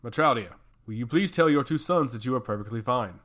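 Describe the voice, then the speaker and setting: A man's voice: mid-range voice, animated, brisk, fairly bright tone, close to an everyday voice. A man voicing a middle-aged noble father who is curt and dismissive, talking through a mouthful of food in a fantasy story. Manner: curt, talks with his mouth full.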